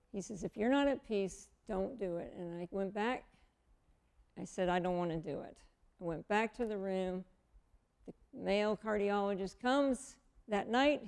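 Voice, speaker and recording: Fifties woman, gravelly voice, personal testimony, acts out each quoted exchange. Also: mid-range voice. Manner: animated, acts out quoted dialogue. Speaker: guest telling her story.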